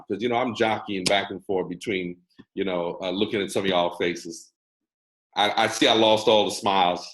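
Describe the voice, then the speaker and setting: An American man hosting a network marketing mentoring call, talking in a lively, preacher-like way and teasing his audience over a video call. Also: on the low side, roomy sound, low-quality recording. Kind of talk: motivational talk on a video call.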